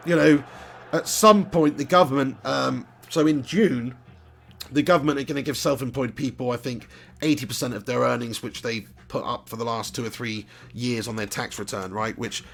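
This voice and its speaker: A man's voice: medium pitch, steady tone, moderate pace, gravelly. A man from England, chatting casually and laughing often while commentating a live game stream. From southern England. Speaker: gaming streamer. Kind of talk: live gameplay commentary and chat.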